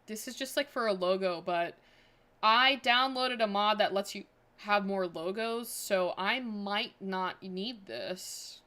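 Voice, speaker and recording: A woman's voice: medium pitch, slow pace, bright, forceful tone. A woman streaming a building game, chatting casually and thinking aloud with many fillers. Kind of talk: casual livestream chat.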